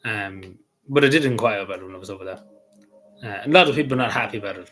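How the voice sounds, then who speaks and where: A man's voice: lowish voice, racing, fairly bright tone, faint music behind, low-quality recording. A man with an Irish accent from Cavan, chatting casually in a meandering, joking way with lots of fillers and restarts. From Ireland. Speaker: vlogger. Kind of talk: casual rambling chat.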